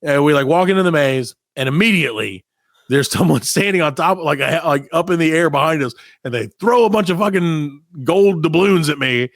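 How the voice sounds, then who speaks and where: Profane storytelling dad, dry close sound. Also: male voice, on the high side, fairly quick, dry recording. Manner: profane, animated anecdote-telling with quoted voices. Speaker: podcast co-host. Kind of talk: casual comedic storytelling.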